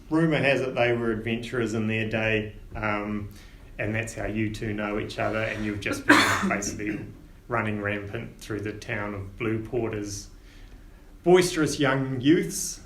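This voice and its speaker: A man running a tabletop game in an unhurried way, with many ums. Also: fairly low pitch, fairly bright tone, echoey room. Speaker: game master.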